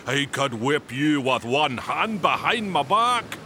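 A woman's voice: low-pitched, big pitch swings, slow pace, a little hiss or hum, pitched below the performer's own voice, heavily acted. Benandonner, a boastful Scottish giant, put on by a woman. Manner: taunting, blustering shouts.

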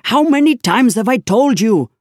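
A storybook reader voicing an angry, impatient male police inspector who shouts and sneers. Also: medium pitch, lively intonation, moderate pace, dry recording, studio quality, voice pushed up, close to an everyday voice. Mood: furious. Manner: shouting, scornful.

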